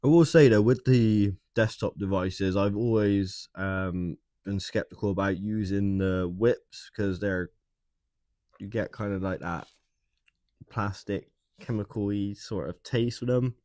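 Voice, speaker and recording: A man hosting a livestream, chatting casually with viewers in a hesitant, soft-spoken way and often repeating his words. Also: fairly low pitch, a little slow, dry recording, clean studio sound. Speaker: livestream host. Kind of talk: casual chat with live viewers.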